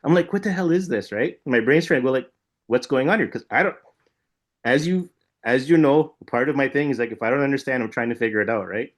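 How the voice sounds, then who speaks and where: Male podcast co-host, mid-pitch, chatty and rambling storyteller. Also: brisk. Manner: rambling, animated retelling with frequent "like" and "right?". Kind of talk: casual chat, storytelling.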